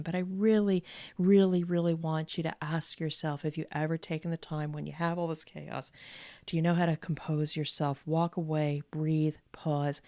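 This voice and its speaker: Middle-aged woman host, low steady voice, calm measured delivery, dry close room. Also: no echo. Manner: calm, measured, with deliberate pauses; earnest and encouraging, repeats key words. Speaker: podcast host and executive coach. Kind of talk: direct-to-camera advice talk.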